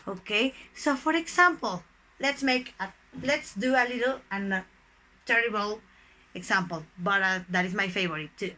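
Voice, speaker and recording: In an online English grammar class, a young Mexican woman who grew up speaking Spanish explains slowly and deliberately, often calling her students "guys." Her medium-pitched voice is bright and forceful, captured on a low-quality recording.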